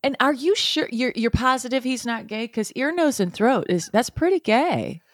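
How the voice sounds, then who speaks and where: A woman co-hosting comedy banter, dropping quick deadpan reactions. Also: on the high side, no echo, clean studio sound. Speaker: co-host.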